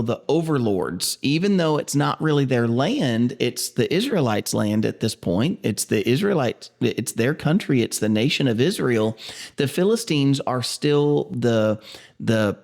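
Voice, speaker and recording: A middle-aged pastor teaching a Bible passage on video, reading scripture slowly and then explaining it in a conversational way with rambling asides. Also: male voice, medium pitch, darkish tone.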